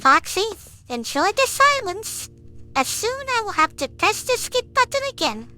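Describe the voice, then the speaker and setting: Woman streamer, very high and sing-song, slow playful commentary, faint noise. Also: very animated, sharp tone. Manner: playful, teasing, chatty with the game. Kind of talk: casual gameplay commentary.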